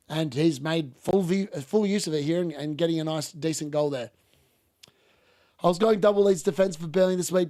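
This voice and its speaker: A man hosting a live football watchalong, chatting casually and reacting excitedly to the game. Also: a little high. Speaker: watchalong host.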